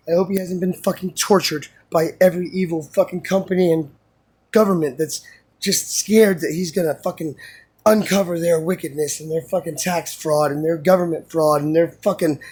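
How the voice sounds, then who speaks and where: A man's voice: high voice, darkish tone, breathy edge. A man vlogging in a rambling, unscripted monologue, intense and full of swearing.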